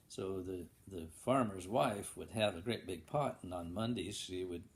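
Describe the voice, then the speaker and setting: A man's voice: sits low, vocal fry, a little hiss or hum. A man telling a folksy tall tale, acting out buzzing and banging sound effects, with frequent restarts. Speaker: storyteller.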